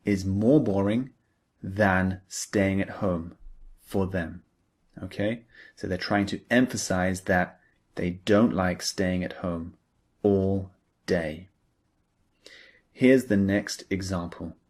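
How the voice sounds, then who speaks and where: Slow, low-voiced male English teacher. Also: steady tone. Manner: slow, patient, explains each example step by step. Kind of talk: scripted lesson narration.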